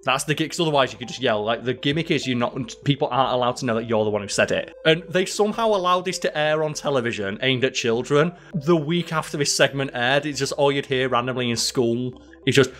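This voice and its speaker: A man's voice: medium pitch, quick pace, hardly any pauses, fairly bright tone, soft background music. A man co-hosting a casual chat show, telling rambling stories with lots of "like". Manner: rambling storyteller, does silly voices. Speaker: podcast co-host.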